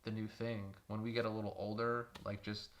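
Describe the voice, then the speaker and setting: A man's voice: on the low side, level tone, fairly quick, a bit bright. A man co-hosting a podcast in casual chat, chiming in with dry wisecracks. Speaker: podcast co-host.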